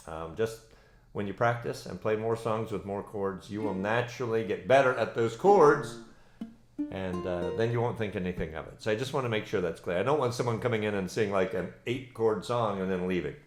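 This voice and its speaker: A man hosting a casual online ukulele play-along. He talks in a chatty, encouraging way and fills pauses with ums and uhs. His voice echoes in the room over faint ukulele playing. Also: on the low side. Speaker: ukulele teacher and host. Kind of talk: casual live online lesson. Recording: roomy echo with ukulele playing.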